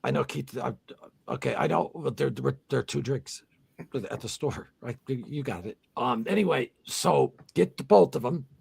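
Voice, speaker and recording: Gravelly, husky man ranting casually. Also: mid-range voice, moderate pace, a little mellow. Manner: rambling, profane, insistent. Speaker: podcast co-host. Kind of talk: casual chat.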